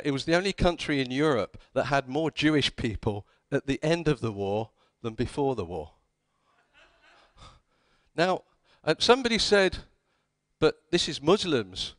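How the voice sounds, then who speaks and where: A man's voice: mid-range voice, a bit bright, no echo. A man giving a conference talk, telling history as wry anecdotes and acting out the quoted dialogue. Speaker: conference speaker. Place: conference hall.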